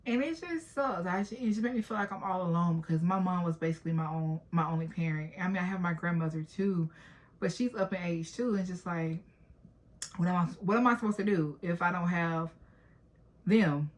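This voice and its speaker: A woman's voice: lowish voice, fairly quick. A woman in her late twenties talking candidly and emotionally to her viewers in a personal vlog. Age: late 20s. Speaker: vlogger.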